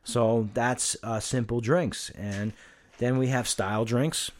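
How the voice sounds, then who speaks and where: A man teaching bartending on a casual podcast, listing drinks slowly and plainly. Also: mid-range voice, steady tone. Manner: plain, instructive, lists things slowly. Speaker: bartending instructor.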